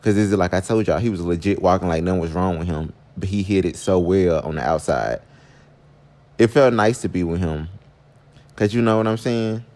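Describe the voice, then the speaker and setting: Man telling a storytime, chatty and fairly low. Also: moderate pace, a little mellow. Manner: chatty, talks straight to viewers, sudden pitch jumps. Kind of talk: casual storytime vlog.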